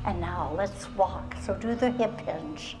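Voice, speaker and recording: A woman fitness instructor leading a seated exercise routine on a live stage show. She gives short, calm, step-by-step cues and keeps encouraging the audience. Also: medium pitch, takes it slowly. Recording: music playing under the voice. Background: background music.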